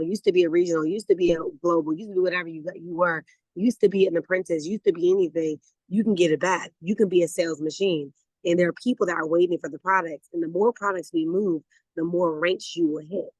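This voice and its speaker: A woman leading a motivational network marketing call, talking in a lively, conversational way, repeating words and laughing as she goes. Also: fairly low pitch, dry recording, poor audio. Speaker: network marketing team leader. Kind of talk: motivational talk on a video call.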